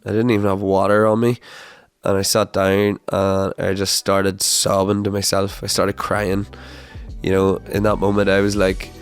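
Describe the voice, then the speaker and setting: A young man talks through a personal story on his podcast, his voice sitting on the low side. He rambles, swears often and trips over restarts and fillers. Faint music plays underneath. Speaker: podcast host. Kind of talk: casual storytelling monologue.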